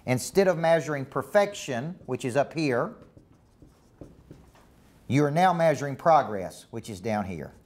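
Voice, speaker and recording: A man's voice: medium pitch, lively intonation, measured pace, long pauses, a little mellow. A middle-aged man gives a live motivational talk to a business team, often asking the room questions and repeating points for emphasis. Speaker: business coach. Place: meeting room with a live audience.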